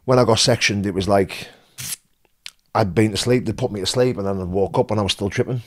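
A man's voice: on the low side, a little fast. A young man with a Northern English accent, telling a wild story as a podcast guest, swearing, laughing and repeating his words. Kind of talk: casual storytelling.

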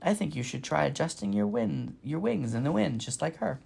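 A man voicing a calm, patient female robot mother in a storybook, speaking in a measured, matter-of-fact way. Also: fairly high pitch, creaky, breathy edge, pitched above the performer's own voice, full character voice.

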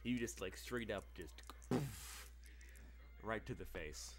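A young man narrating as game master for a tabletop game, halting and full of fillers. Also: on the low side.

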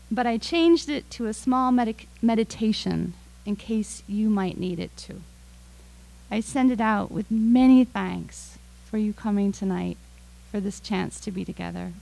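An American woman, a featured poet, introducing and reading her poems in a slow, deliberate way that lingers on words. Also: medium pitch, creaky, warm tone, low-quality recording. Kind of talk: poetry reading with spoken introduction.

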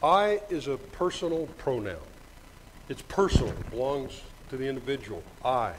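An older man delivering a Sunday sermon in a church, joking lightly and reading scripture slowly. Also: medium pitch, big pitch swings, slight background noise, rough recording. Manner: folksy, joking asides, reads scripture slowly. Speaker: preacher. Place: church sanctuary. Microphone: microphone with monitor.

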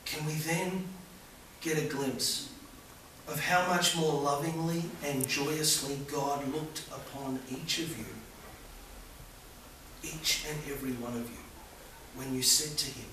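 A man preaching a sermon as a visiting preacher, moving between loud fervent appeals and hushed soft passages. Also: a little high, slow, long pauses, noisy background. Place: church hall. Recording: echoey church from far off.

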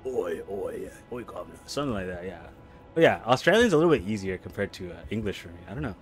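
Rambling male game streamer, low voice. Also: very fast, faint music behind. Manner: rambling, loud excited outbursts at the game. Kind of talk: casual live gameplay chat.

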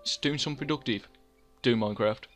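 A young man rambles through casual gameplay commentary, poking fun at himself and scolding himself by name. His voice sits at an ordinary middle pitch, with faint music under it. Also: fast talker, a bit bright. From England. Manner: rambling, self-mocking, talks to himself in third person. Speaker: gaming channel host.

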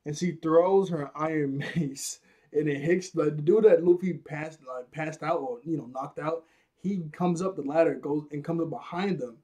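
A man's voice: fairly high pitch, normal speed, dark tone. A man giving a casual, rambling episode review, laughing often at his own jokes.

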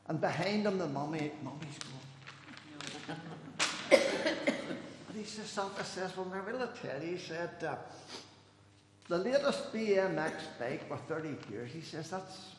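Animated man telling jokes. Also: normal speed, pauses often. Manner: animated storyteller, raises pitch for quoted voices. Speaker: church elder. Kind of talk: after-dinner joke telling. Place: church hall. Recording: echoey hall, some noise.

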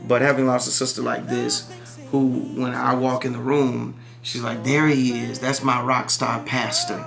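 A man's voice: mid-range voice, vocal fry. A man who is a pastor and gospel singer, talking candidly to camera in a casual vlog from his church office and laughing often.

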